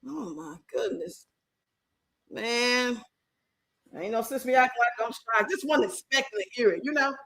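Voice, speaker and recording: A woman from Chicago with a Chicago accent, hosting a livestream and answering her chat in an animated, outspoken way. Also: fairly high pitch, moderate pace, long pauses, no room sound, rough recording. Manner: animated, outspoken, emphatic, talks back to the chat. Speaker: livestream host. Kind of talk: livestream chat reacting to comments.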